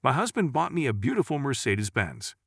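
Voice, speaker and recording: A man's voice: mid-range voice, big pitch swings, brisk, creaky, fairly bright tone, slightly rough, no room sound, clean studio sound, pitched above the performer's own voice, heavily acted. A man voicing an arrogant, wealthy woman from California who boasts about her gifts. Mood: boastful.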